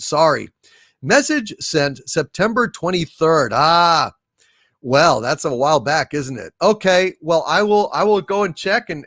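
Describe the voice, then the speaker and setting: Slow, halting man with a higher voice. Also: a bit bright, dry recording, clean studio sound. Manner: slow, halting, with many fillers; sings slowly. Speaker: live stream host. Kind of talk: casual live stream chat, reading super chats.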